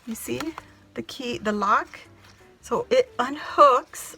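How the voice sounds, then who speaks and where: A woman's voice: a little high, takes it slowly, creaky, pushed and bright, slight background noise. A woman gushing as she opens a crafty gift package, exclaiming and laughing breathlessly to her viewers. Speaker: craft vlogger opening happy mail. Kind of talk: excited unboxing chat to camera.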